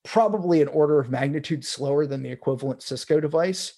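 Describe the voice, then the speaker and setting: A man's voice: fairly high pitch, fast talker, dark tone. A man hosting a casual tech chat, rambling with restarts and fillers. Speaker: podcast host.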